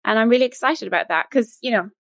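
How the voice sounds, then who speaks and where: A woman co-hosting a casual podcast about cookbooks, chatty and quick to laugh. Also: on the high side, gravelly, a bit bright, no room sound. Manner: chatty, giggly. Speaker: podcast co-host.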